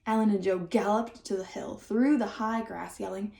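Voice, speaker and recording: A woman's voice: mid-range voice, steady tone, normal speed, vocal fry, warm tone. Woman reading a children's story aloud. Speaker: audiobook reader. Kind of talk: children's book read-aloud. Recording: roomy echo.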